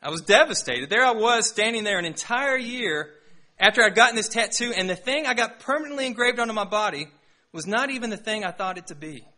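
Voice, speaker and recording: Bright-voiced young man preaching. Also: high-pitched, fairly quick. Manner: storytelling, self-deprecating, animated. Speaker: pastor. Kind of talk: sermon with personal story.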